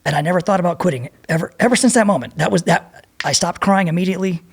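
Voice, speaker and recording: The speaker, a former Navy SEAL in his fifties, has a high-pitched, gravelly, husky voice and a quick delivery. As a podcast guest, he rambles casually through profane war stories.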